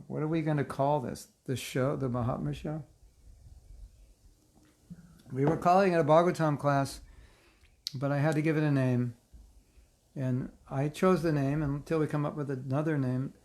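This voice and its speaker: A man's voice: mid-range voice, vocal fry, a little mellow. A man teaching a casual online scripture class, reading passages aloud and breaking off into joking, chatty asides. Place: online class, seated in a chair.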